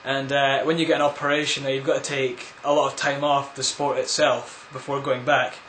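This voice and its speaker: A man's voice: medium pitch, flat delivery, normal speed, a bit bright, a little hiss or hum. A man answering viewer questions in a casual, rambling vlog, full of crude, absurd jokes. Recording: echoey room.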